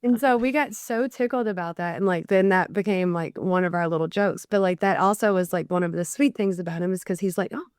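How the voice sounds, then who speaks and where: A woman's voice: on the low side, fairly quick, few pauses, clean tone, no room sound, clean studio sound. Chatty mother telling family stories. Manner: chatty, animated when quoting others. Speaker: guest, bereaved mother. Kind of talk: casual podcast storytelling.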